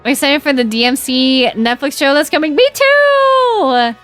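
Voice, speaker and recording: A young woman chatting casually while streaming a game, animated and giggly, with lots of "like" fillers. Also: sits high, brisk, faint music behind.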